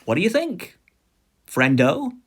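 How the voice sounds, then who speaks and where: A man's voice: high-pitched, sing-song, unhurried, breathy edge, voice pushed up, heavily acted. A man doing a breezy, reckless best friend.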